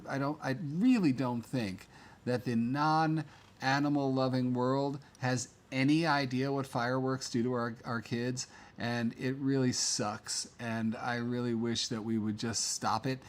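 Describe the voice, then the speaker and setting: A man's voice: medium pitch, fairly even intonation, measured pace. A man hosting a casual live stream, chatting loosely with many fillers. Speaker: livestream host.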